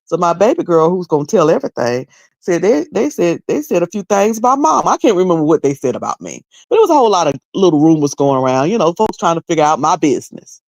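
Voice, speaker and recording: A woman's voice: low-pitched, expressive, fairly quick, darkish tone, no room sound. A middle-aged woman giving loose, candid commentary on a video, rambling and often repeating herself. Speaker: online commentator.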